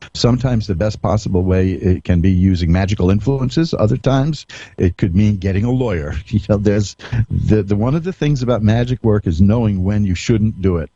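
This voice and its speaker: A man's voice: lowish voice, mellow, no echo, muffled recording. A man hosting a psychic radio show, telling folksy stories in a rambling way with chuckles and restarts. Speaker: psychic radio host and tarot reader. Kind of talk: radio monologue, anecdotal.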